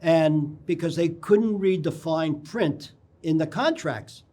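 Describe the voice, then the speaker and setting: An older man, a guest on a local TV interview, telling anecdotes in a rambling way and often clearing his throat. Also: a little high, slow, mellow. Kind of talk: casual interview storytelling. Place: local TV studio.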